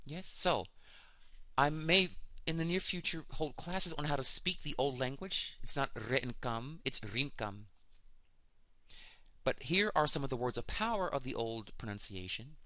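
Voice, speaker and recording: A man's voice: on the high side, pushed and bright, no room sound. A man giving a spiritual lesson on sound magic, explaining words and spelling out how to pronounce them. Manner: slow, deliberate explaining, spelling out pronunciations. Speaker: spiritual teacher.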